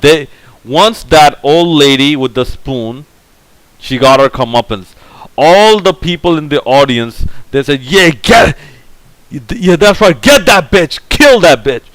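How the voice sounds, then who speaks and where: A man's voice: medium pitch, a bit bright, no room sound, low-quality recording. A man giving a casual, opinionated movie review, rambling and full of fillers. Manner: rambling, heavy on fillers like "like, you know"; blunt, opinionated. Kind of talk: casual film review monologue.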